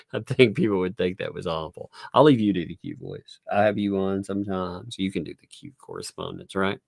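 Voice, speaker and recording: Livestream host, male, gravelly and very deep, laughs a lot between phrases. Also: fairly quick, no room sound, clean studio sound. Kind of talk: casual live commentary. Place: home.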